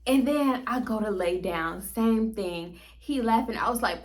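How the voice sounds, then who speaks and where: A woman vlogger telling a story to her viewers in a casual, animated way, often laughing and speaking straight to them. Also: fairly high pitch, a little slow, few pauses.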